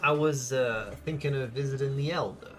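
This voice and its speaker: A man commenting casually while he plays a role-playing game, playful and self-mocking. His voice is bright and clear at a middle pitch. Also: normal speed. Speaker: game streamer.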